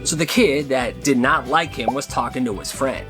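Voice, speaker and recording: Animated storytelling man, lively pitch. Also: fairly quick, few pauses, over music. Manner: animated and dramatic, acting out every character. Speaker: storyteller, short-video creator. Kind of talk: storytime narration for short videos.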